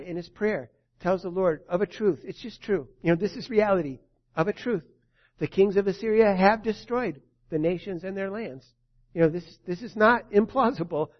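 High-voiced man preaching a sermon. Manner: earnest, shifts between soft and emphatic. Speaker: pastor. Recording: dull lo-fi recording.

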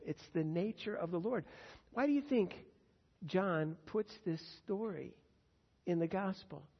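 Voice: medium pitch, slightly rough, big-room sound, muffled recording. A pastor teaching verse by verse through a Bible passage in a conversational, earnest way, with frequent fillers.

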